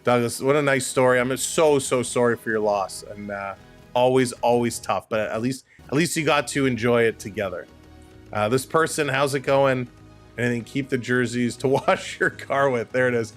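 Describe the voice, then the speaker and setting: A man's voice: medium pitch, normal speed, faint music behind. A man hosting a live hockey stream, talking casually and emphatically, repeating points and answering chat messages. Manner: chatty, emphatic, repeats himself. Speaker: livestream host.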